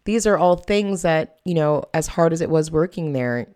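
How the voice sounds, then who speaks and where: Young woman comedian from Quebec, low voice, animated storyteller who acts out the characters. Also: normal speed, smooth. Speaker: comedian guest. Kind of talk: casual storytelling interview.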